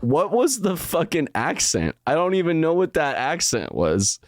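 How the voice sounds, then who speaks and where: A man's voice: a little high, big pitch swings, moderate pace, dry recording. A man streaming live and reacting to clips, chatting loosely, laughing and swearing often. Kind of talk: casual chat.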